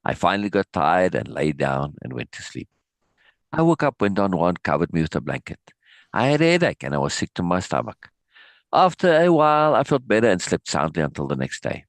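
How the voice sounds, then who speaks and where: A man hosting a live reading of a book, breaking off for animated, laughing asides with halting restarts. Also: low voice, creaky, no echo. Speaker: host reading a book aloud. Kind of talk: live-stream reading with commentary.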